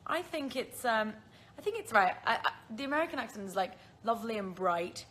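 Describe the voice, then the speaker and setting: Very animated and a bit bright, her fairly high voice runs a little fast. This woman in her twenties, British-accented and from the Isle of Man, casually answers viewer questions on a phone livestream while often laughing at herself.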